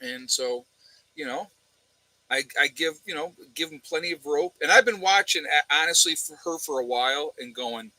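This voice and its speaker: A man's voice: a little high, lively intonation, moderate pace, bright, forceful tone, no room sound, low-quality recording. A man hosting a casual livestream chat from home, blunt and sarcastic, rambling with lots of uhs and ums. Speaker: channel host. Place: home room with a fan.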